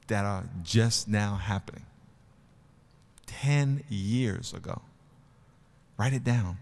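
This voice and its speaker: A man's voice: medium pitch, vocal fry, long reverb tail. A man preaching a sermon to his church, telling stories and driving his points home emphatically. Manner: emphatic, storytelling, swings between quiet and loud. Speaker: pastor. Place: church sanctuary before a congregation.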